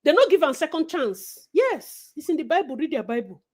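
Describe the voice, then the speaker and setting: A Nigerian woman co-hosting a casual gossip chat, animated and preachy, slipping into Pidgin. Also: high voice, brisk. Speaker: co-host.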